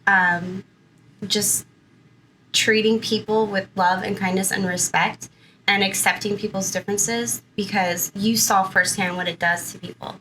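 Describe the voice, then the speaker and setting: A woman's voice: medium pitch, steady tone, unhurried, a bit bright, slight background noise, low-quality recording. A woman in her thirties from Southern California, a guest in an interview, telling her own story in a chatty way full of "like" and "you know".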